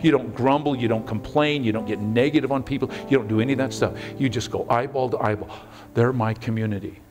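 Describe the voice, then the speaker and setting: Conversational pastor preaching, music beneath. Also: male voice, medium pitch, fast talker. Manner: conversational, animated, with sudden shouts and hushed moments. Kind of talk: sermon. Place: church sanctuary.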